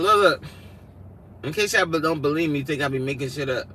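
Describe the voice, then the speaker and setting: Over heavy car road and engine noise, a New York woman chats from inside her car on a snowy day, live streaming as she drives. She speaks fairly quickly in a low-pitched voice, using slangy talk and laughing often.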